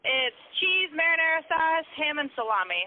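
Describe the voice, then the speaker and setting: A woman's voice: high-pitched, big pitch swings, normal speed. A woman working at a restaurant, taking an order over the phone in a patient, friendly, casual way. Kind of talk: phone call. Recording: tinny phone line with faint noise.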